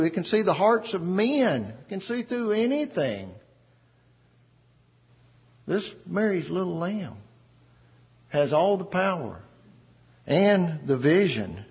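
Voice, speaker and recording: Husky preacher man, lively slow delivery. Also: sits high, long reverb tail. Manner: emphatic preaching, repeats phrases for stress. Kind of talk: sermon.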